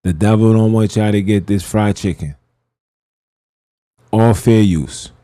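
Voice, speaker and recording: Black guy in his 50s, low mellow voice, talks slow, dry close sound, reacting casual. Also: no room sound. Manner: casual, reacting aloud, stops to comment. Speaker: podcast host. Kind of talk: reaction commentary.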